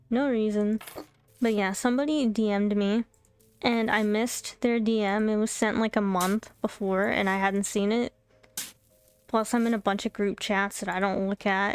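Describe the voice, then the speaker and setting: A young adult woman streamer telling a story in casual chat, animated and chatty, laughing often and bursting into exasperated disbelief. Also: mid-range voice, clean tone. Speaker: VTuber streamer. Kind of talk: casual storytime chat while playing a game.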